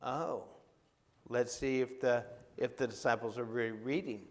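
Preaching in a large hall, this pastor speaks at normal speed in a mid-range voice with fairly even intonation. He keeps the sermon conversational, frequently asking the audience questions.

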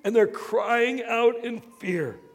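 A man preaching a sermon as earnest storytelling, moving between hushed, quiet passages and loud, excited bursts. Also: very high-pitched, slow. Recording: long reverb of a hall.

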